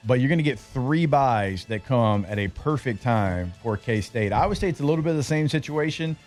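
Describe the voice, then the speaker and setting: A man's voice: mid-range voice, animated, normal speed, darkish tone, faint music behind. A man hosting a sports radio show, talking loosely with lots of fillers as he rattles off team schedules. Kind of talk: casual sports talk.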